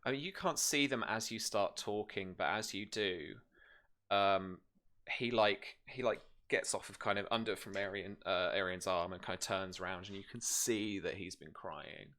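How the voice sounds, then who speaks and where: A man's voice: deep voice, normal speed, sharp tone. A man narrating as game master, describing scenes in loose speech with many fillers and restarts.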